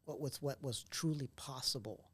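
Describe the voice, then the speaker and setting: A man telling stories in an interview, casual and animated, acting out what others said to him. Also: medium pitch, normal speed, slightly rough. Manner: animated storyteller who acts out quoted dialogue; casual, occasional mild swearing. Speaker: entrepreneur guest. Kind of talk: conversational storytelling interview.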